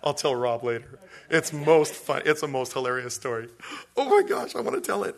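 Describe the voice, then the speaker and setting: A man preaching to his church in a lively, conversational way, breaking into quick acted-out voices and jokes. His voice sits a little high for a man and swings widely in pitch as he goes. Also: creaky. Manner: animated, acts out quotes with big pitch swings; conversational, jokey asides. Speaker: pastor. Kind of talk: sermon.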